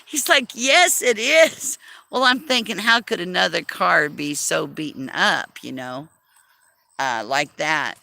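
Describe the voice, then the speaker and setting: Gravelly, tense-voiced woman chatting. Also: sits low, pushed and bright. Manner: chatty, self-deprecating, laughs often. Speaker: livestream host. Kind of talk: casual livestream chat.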